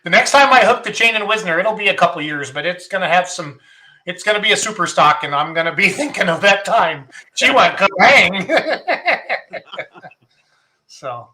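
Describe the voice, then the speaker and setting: A man's voice: high voice, expressive, normal speed, sharp tone. A man from Iowa with a Wisconsin accent, hosting a casual chat in a jokey, upbeat way. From Iowa, raised in Wisconsin. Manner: jokey, upbeat, laughs often. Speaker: podcast host.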